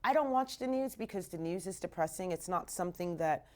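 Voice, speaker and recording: A woman radio host from Canada chats on air in a low-pitched, loose, animated way. She tosses in bits of Jamaican patois as she talks to listeners from the studio. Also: fairly quick. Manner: chatty and animated, mixing in Jamaican patois phrases. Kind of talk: casual live radio talk.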